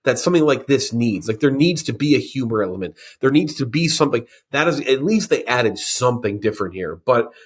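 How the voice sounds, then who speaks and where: A man's voice: medium pitch, expressive, fairly quick, hardly any pauses, slightly rough. A man co-hosting a casual movie review chat, rambling and a bit sarcastic. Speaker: podcast co-host.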